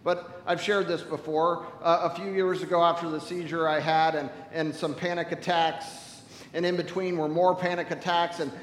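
A man preaching a sermon as a pastor, telling stories animatedly and swinging from loud to hushed. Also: a little high, roomy sound, in a large hall, slight background noise, poor audio.

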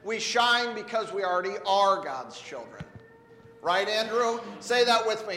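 A man giving a children's sermon, gently asking a child questions as he teaches. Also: high voice, lively intonation, measured pace. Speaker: pastor. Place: church sanctuary. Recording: echoey hall with long reverb.

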